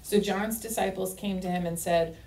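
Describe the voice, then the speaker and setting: A woman's voice: mid-range voice, moderate pace. Woman reading scripture in an echoey room. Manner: steady reading with short affirmations. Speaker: scripture reader. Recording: echoey room, mic at a distance.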